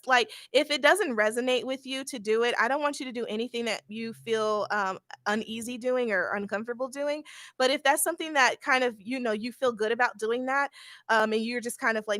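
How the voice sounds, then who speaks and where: A woman's voice: a little high, bright, forceful tone, no echo, clean studio sound. A young woman giving a casual live-stream tarot reading, blunt and laughing often, with occasional swearing. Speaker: tarot reader.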